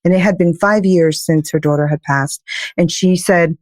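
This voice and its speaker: A woman's voice: fairly low pitch, normal speed, darkish tone, no echo, clean studio sound. A woman guest on a podcast, a life coach, telling stories with emphatic, faith-filled energy. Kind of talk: casual podcast interview.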